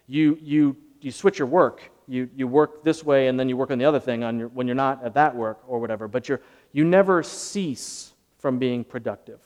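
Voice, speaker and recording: A man preaching a sermon as pastor, earnest and conversational, swelling louder at dramatic moments. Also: medium pitch, normal speed. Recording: long hall reverb.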